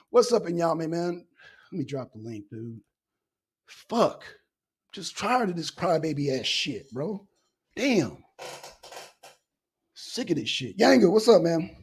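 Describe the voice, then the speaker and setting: A woman co-hosting a live talk stream, ranting with constant swearing, loud bursts that trail off low. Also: very animated, takes it slowly, long pauses, breathy edge. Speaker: co-host. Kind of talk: heated profane rant on a live talk stream.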